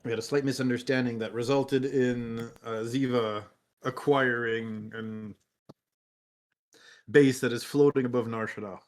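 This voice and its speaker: A man's voice: medium pitch, fairly even intonation, unhurried. A man running a tabletop game on a stream, chatting casually with dry sarcastic jokes and frequent laughter, speaking into a computer mic. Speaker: game master. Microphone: computer mic on a video stream.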